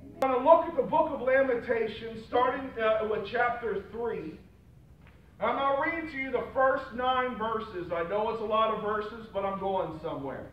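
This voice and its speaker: A male pastor preaching a sermon, rising from slow, quiet reading to shouted exhortation. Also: extremely high pitch. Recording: roomy echo, far from the mic, dull lo-fi sound.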